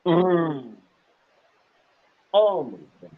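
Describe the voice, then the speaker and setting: A man talks very slowly in a laid-back drawl, his voice slightly higher than most. The dry video call audio sounds dull and muffled. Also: sing-song, no room sound. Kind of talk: casual chat on a video call.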